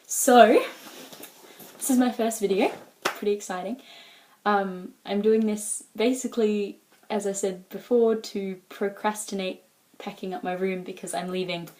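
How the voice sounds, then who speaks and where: In a casual vlog, an Australian-accented exchange student wanders through her thoughts, full of "like" and "um." Her voice is medium-pitched, steady and a little mellow, unhurried, with slight background noise.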